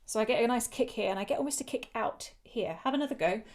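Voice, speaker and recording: A woman's voice: a little high, fast talker. A woman leading a vocal workshop, explaining breath control and demonstrating with shushing sounds. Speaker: choral singing coach. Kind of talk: online vocal workshop instruction.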